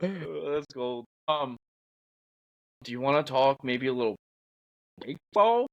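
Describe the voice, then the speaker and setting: A young man co-hosting a podcast, chatting in a relaxed, profane way and saying "dude" often. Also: medium pitch, unhurried, vocal fry, no room sound, highs cut off. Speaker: podcast co-host. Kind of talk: casual chat.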